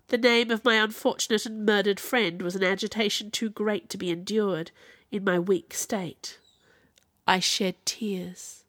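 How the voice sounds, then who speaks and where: A woman reading a classic novel aloud as narrator, with expressive, dramatic delivery. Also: medium pitch, a little slow, no echo, studio quality. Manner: expressive, dramatic in quoted speech.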